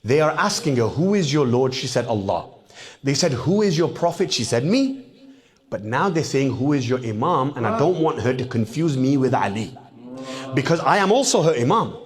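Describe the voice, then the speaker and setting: A man delivers a sermon in a storytelling way. When he voices the people in his stories, his pitch climbs sharply and he grows louder and more impassioned. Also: very animated, normal speed. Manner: rising to impassioned, high-pitched calls when quoting. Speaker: preacher.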